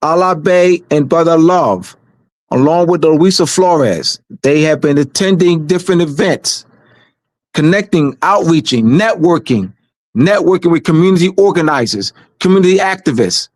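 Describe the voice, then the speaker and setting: A man's voice: a little high, animated, moderate pace, no room sound. A man speaking on a community livestream in a casual, emphatic way, repeating phrases for stress.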